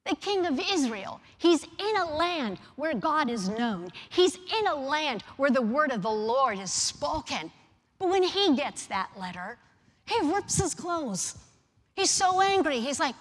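A woman's voice: high-pitched, big pitch swings, a little slow. Woman preaching with emphatic storytelling. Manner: storytelling, emphatic, asks the listeners questions. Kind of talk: sermon. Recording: long reverb of a large hall.

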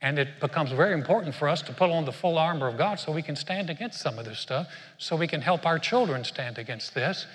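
A man's voice: fairly high pitch, lively intonation, brisk, hardly any pauses, fairly bright tone. Older male preacher in a reverberant hall. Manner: conversational, repeats words when restarting. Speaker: pastor. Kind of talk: sermon.

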